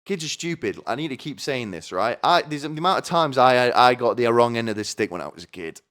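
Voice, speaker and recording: A man's voice: mid-range voice, expressive, fairly quick, fairly bright tone. A man hosting a comedy podcast, ranting in a crude, sardonic way, swearing a lot and asking "right?" over and over. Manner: asks the listener "right?" again and again. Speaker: podcast host. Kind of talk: comedic rant.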